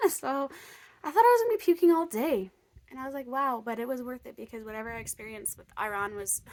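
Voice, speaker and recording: A young woman vlogger telling a story casually, chatty with lots of fillers, dropping to whispers and bursting into excitement. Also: a little high. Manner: chatty, lots of "like" and "um", swings between excited outbursts and hushed whispers.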